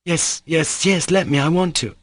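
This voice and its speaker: A man's voice: on the high side, normal speed, no echo, voice pushed up, lightly acted. A man playing a feverish, reckless young nobleman. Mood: feverish, expansive. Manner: feverish, rambling, expansive. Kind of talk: audiobook reading.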